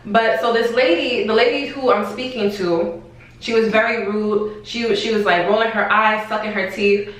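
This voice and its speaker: A young woman telling a story in a casual vlog, in an animated, exasperated way, with slang and swearing. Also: mid-range voice, normal speed. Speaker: vlogger. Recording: echoey room, far from the mic.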